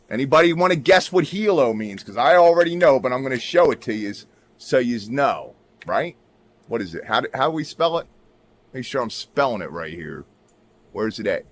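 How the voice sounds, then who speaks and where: Looking things up at his computer, a man hosts a livestream, talking in a rambling, emphatic way, asking "right?" again and again and drifting into mutters. His voice is on the high side with a fairly bright tone.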